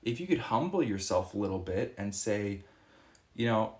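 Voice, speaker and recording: A man's voice: sing-song, normal speed, a little mellow. Earnest rambling young man. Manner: rambling, earnest, acts out quoted exchanges in a higher voice. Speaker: fitness vlogger. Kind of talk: casual reflective monologue.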